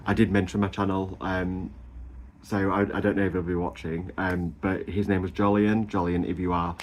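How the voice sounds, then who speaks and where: Man, 30s, low voice; chatty vlogger gushing about his weekend, lots of ums and laughs. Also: little pitch movement, normal speed, a little hiss or hum. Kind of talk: casual chatty weight-loss update.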